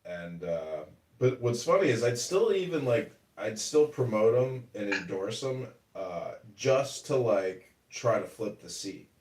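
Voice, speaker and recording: A man in casual chat who rambles, mocks and swears freely. His pitch leaps and dips in a lively way, and he sounds roomy and a bit off the mic. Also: a little slow, few pauses, recorded from a distance. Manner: profane, rambling, mocking. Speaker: podcast host and political candidate. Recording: roomy room, away from the mic.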